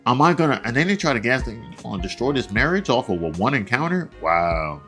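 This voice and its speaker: A man tears into a story in heated reaction commentary, his voice leaping high and dropping low as he goes. He rants with exasperation and breaks into frequent laughs. Faint music sits behind him. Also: sing-song, a little fast, a bit bright. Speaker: reaction channel host.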